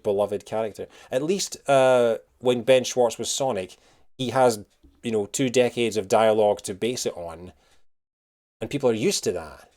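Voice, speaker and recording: A man's voice: mid-range voice, darkish tone. A man live-streaming, chatting casually and rambling with many fillers as he answers his chat. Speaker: streamer reacting to news.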